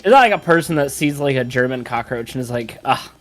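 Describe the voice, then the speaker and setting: A woman chatting on a game stream, ranting emphatically with quick bursts. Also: a bass voice, animated, faint music behind. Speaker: streamer, co-host. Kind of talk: casual stream chat.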